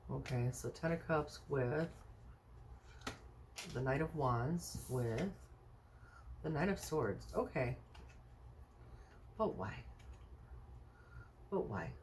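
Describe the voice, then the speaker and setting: A woman's voice: extremely low pitch, expressive, slow, pauses often, darkish tone, slight background noise. A woman doing a casual tarot reading for viewers, thinking aloud with many fillers and rhetorical questions in a chatty, reassuring way. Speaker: tarot card reader.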